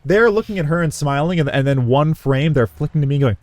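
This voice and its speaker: A man's voice: a little high, quick pace, heavy background noise. A man telling a story in casual chat as a podcast co-host, acting out the people he quotes. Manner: animated storyteller who acts out quotes.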